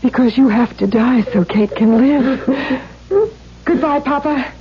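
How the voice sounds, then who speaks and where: An actress playing a bitter, resolute young woman with intense, quiet delivery in a 1970s radio drama. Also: high voice, slow. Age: young adult. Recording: dull 1970s radio broadcast, faint hiss.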